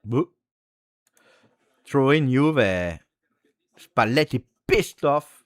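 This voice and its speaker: A man hosting a live watch-along, reacting to a football match and swinging between low muttering and excited shouts. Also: extremely slow, dry recording, clean studio sound. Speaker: fan host.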